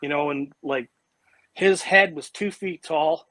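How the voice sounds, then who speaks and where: A man being interviewed, telling a personal story in a casual, animated way, full of "like" and "you know". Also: a little high, a little slow, no room sound, poor audio. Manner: animated and vivid, with frequent "like" and "you know" fillers and restarts. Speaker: interview guest recounting an encounter.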